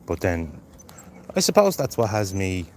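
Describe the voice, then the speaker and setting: A man's voice: sits low, very animated, measured pace. A man from Ireland with a Dublin accent, chatting casually on a live stream, swearing freely and replying to viewers. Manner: swears freely, reads out chat. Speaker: livestreamer. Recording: noisy outdoor background.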